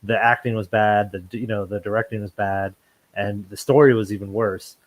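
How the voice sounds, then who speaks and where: Low-voiced laid-back male co-host. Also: fairly even intonation, moderate pace, rough recording. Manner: laid-back, agreeable, lots of fillers. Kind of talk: casual chat.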